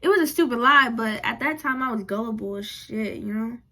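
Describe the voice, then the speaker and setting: A young woman vlogger telling a storytime in a casual, animated, slangy and frank way. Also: fairly high pitch, fairly quick.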